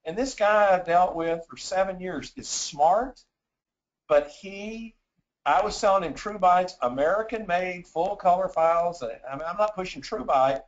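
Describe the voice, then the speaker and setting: A man's voice: high-pitched, a little slow, dull audio. A man giving a sales presentation in a webinar, stammering and repeating words as he gets wound up telling stories.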